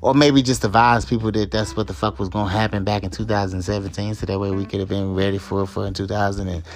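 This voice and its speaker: A very deep-voiced man delivers a solo talk-show rant, heated and full of profanity. He keeps coming back to the same points with blunt emphasis, while faint music plays under him. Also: flat delivery, fast. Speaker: podcast host.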